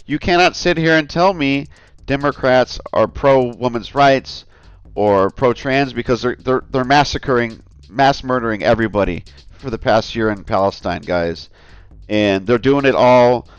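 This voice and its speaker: A man's voice: medium pitch, measured pace, clean tone, dry recording, muffled recording. A man hosting a casual commentary vlog, talking in a rambling, earnest way and often calling his viewers "guys.". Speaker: channel host.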